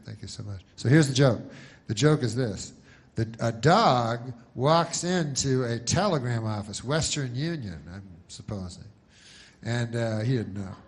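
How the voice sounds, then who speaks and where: A middle-aged male comedian telling a rambling, deadpan comedic story, meandering with many fillers. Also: mid-range voice, creaky.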